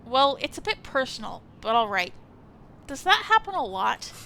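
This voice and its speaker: A woman's voice: sits high, sing-song, normal speed, gravelly, bright, forceful tone, a little hiss or hum, exaggerated voice. A woman voicing an awkward, apologetic male sociologist landlord who rambles and stammers, reading a visual novel aloud. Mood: fawning.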